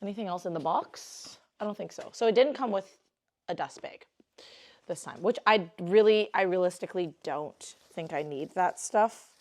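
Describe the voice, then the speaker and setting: A young woman vlogging a jewelry unboxing in a chatty, rambling way, breaking into squealing bursts of excitement. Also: fairly low pitch, normal speed. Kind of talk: casual unboxing vlog.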